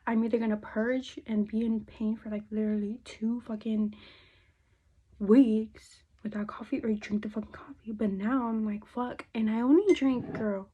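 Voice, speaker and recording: A woman's voice: fairly high pitch, slightly rough. A young woman vlogger doing her makeup and chatting casually, swearing often and dropping into Spanish phrases. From United States. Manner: chatty, loose, swears a lot, slips into Spanish. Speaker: beauty vlogger. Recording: dull lo-fi phone audio.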